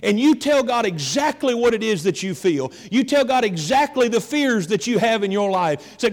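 A male pastor preaching a sermon with rising emphasis, slowing into drawn-out phrases, in a church sanctuary. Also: high voice, very animated. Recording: long hall reverb.

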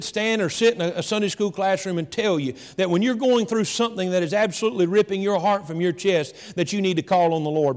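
Pastor guy preaching, kinda high voice, big long church echo, pushes hard then drags words out slow. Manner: preaching with rising emphasis and sudden slow, drawn-out phrases. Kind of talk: sermon. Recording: long hall reverb.

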